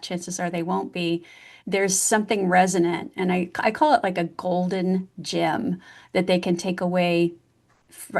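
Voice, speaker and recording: A woman hosting an interview podcast, talking in an affirming, conversational way before asking her guest a question. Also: on the low side. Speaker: podcast host. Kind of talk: casual interview.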